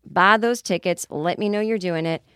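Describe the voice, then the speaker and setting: Woman host in her forties, lower voice, dry close mic, casual animated storytelling. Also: normal speed, clear, resonant tone, dry recording. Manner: animated storyteller with shrieked outbursts. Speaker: podcast host.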